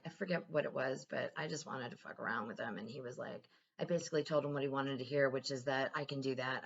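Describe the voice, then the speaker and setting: A woman's voice: deep voice, gravelly, highs cut off. A woman vlogger telling a personal story in a candid, profane way, acting out the lines of the people in it. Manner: candid, profane, animated retelling with quoted dialogue. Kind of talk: casual confessional storytelling.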